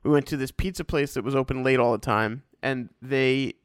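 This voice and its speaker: A man's voice: medium pitch, fairly quick, clean tone, no room sound, clean studio sound. A young man co-hosting a podcast, bantering casually with blunt, profane jokes. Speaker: podcast co-host.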